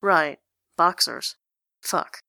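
A sleepy, sarcastic young man, voiced by a woman reading a story aloud. He mumbles in a flat deadpan, and the tone is bright and forward. The sound is dry and close. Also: on the low side, very slow, gravelly, dry recording, exaggerated voice.

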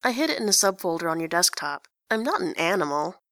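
A woman's voice: on the low side, sing-song, quick pace, fairly bright tone, no room sound, studio quality. A woman voicing a brash, cheeky teenage boy who swears bluntly.

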